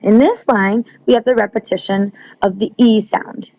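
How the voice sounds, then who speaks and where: A woman's voice: mid-range voice, fairly even intonation, normal speed, dark tone. A woman teacher walking students through a recorded lesson, explaining step by step with frequent ums and checking that they follow. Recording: slightly dull lo-fi recording.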